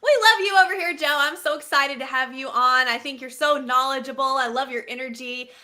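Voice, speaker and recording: A woman co-hosts a casual sports show, her voice high and bright. She is bubbly and quick to laugh. She chats in a relaxed, friendly way. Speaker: co-host.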